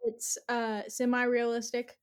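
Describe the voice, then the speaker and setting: A young woman chatting casually, retelling a dream in an animated, giggly way with lots of fillers. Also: fairly high pitch, unhurried, smooth.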